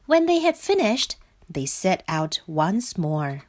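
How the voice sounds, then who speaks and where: A woman reading a children's picture book aloud in a slow, clear and expressive way. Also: medium pitch. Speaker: storybook reader.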